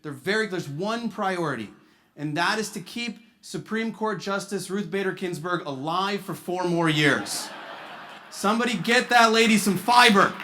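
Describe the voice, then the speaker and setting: Man doing stand-up at a charity gala, high-pitched and punchy, animated storytelling. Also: moderate pace, slight background noise. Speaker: stand-up comedian. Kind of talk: stand-up comedy.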